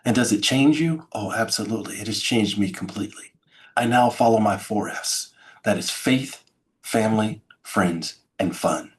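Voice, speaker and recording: A man's voice: lowish voice, normal speed. A middle-aged man telling his story as an interview guest, acting out sounds and quoted lines with dramatic flair. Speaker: podcast guest, keynote speaker.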